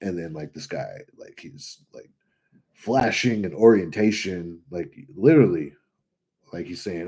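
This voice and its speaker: This trucker vlogger, a young man from California, has a low, unhurried voice with a breathy edge. Answering comments during a casual livestream chat, he tells animated stories in a blunt, profane way, cursing a lot.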